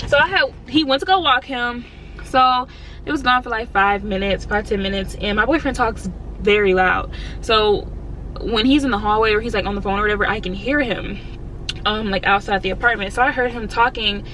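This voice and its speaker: A woman's voice: on the high side, a little hiss or hum, rough recording. A young woman vlogger in a slangy style, animatedly telling a storytime and acting out what people said. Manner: animated, slangy, acts out quotes. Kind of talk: storytime vlog.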